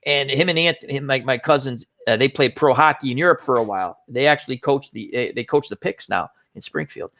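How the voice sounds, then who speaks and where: A man hosting a casual chat, telling an animated anecdote and acting out the voices of the people in it. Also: medium pitch, a little fast, hardly any pauses. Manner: animated anecdote teller, acts out quoted voices. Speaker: host. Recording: dull lo-fi stream audio.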